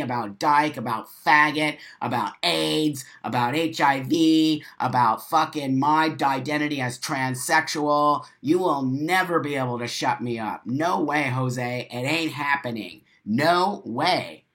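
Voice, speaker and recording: A livestream host in an unscripted, profane rant, repeating lines for punch, swinging between loud bursts and quiet asides, reading viewer comments. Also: mid-range voice. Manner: rapid-fire delivery.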